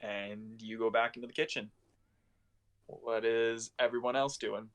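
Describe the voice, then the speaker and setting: A man's voice: medium pitch, level tone, a little slow. A man acting as game master, narrating a tabletop role-playing game in a loose, chatty way, often restarting his sentences.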